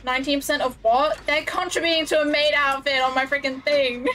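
A woman's voice: sits high, steady tone, a little fast, bright, forceful tone, soft background music. A woman streamer chatting casually with her viewers while she plays, often giggling and flustered. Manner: giggly, flustered, talks to chat. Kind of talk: casual live-stream chat while gaming.

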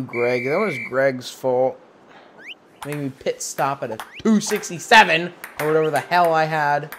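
A gamer giving casual, profanity-heavy commentary while playing, muttering to themself and breaking into loud frustrated outbursts. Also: medium pitch, measured pace, soft background music. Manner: swears a lot, mutters to self between loud frustrated outbursts. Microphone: gaming mic.

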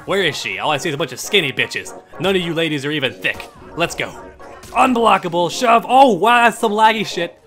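A man commentating his own gameplay with a fairly high, very lively voice. He taunts and swears at opponents, muttering low one moment and yelping up high the next. Faint music plays behind him. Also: fairly quick. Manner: trash-talking, taunting, swearing; swings between low muttering and excited yelps. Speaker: gaming channel host.

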